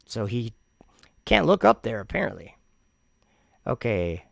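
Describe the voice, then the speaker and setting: A man's voice: mid-range voice, sing-song, unhurried, creaky, a bit bright, no room sound, studio quality. A man hosting a commentary vlog, reacting to comments in an argumentative, sarcastic way and rambling with frequent restarts. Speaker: channel host.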